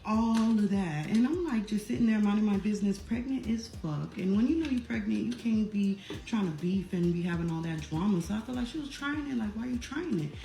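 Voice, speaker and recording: Young woman, casual profane storyteller, mid pitch; roomy recording, faint music underneath. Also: brisk, vocal fry, hardly any pauses, mellow. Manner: blunt, profane, emphatic storytelling.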